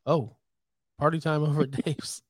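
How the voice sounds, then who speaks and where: A man's voice: a little high, level tone, normal speed, dry recording, clean studio sound. A man in casual chat, joking and swearing, talking animatedly.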